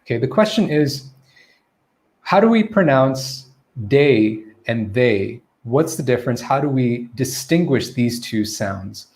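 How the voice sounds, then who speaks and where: A man's voice: medium pitch, animated, measured pace, a little mellow. Male English teacher hosting a live Q&A lesson, loose and chatty, with fillers and restarts. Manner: conversational, many fillers and restarts, reads viewer comments aloud.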